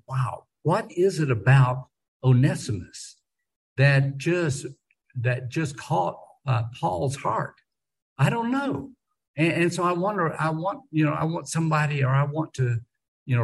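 A man with a husky, slightly rough voice teaches a relaxed Bible study. He talks in a loose, conversational way, stumbling and repeating words as he thinks, and presses firmly on the words he wants to stress. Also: a little high, rough recording.

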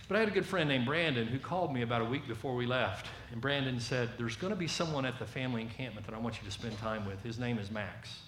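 A man with a Southern American accent delivers a storytelling sermon, acting out the voices in his tale with animated shifts. His voice sits at a middling pitch. The room echoes, with a faint hiss behind him. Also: quick pace, hardly any pauses.

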